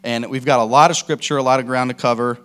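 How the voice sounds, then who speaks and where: A man's voice: medium pitch, steady tone, fast, a bit bright, clear, resonant tone. A man preaching a casual, conversational sermon, telling stories with lots of fillers and restarts.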